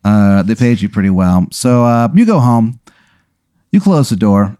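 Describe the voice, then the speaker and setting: A man's voice: on the low side, expressive, normal speed, mellow, soft background music. A man hosting a podcast, casually talking a listener through a made-up scenario in the second person, full of "like" fillers. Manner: spins a second-person hypothetical with many "like" fillers. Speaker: podcast host. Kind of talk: casual storytelling chat.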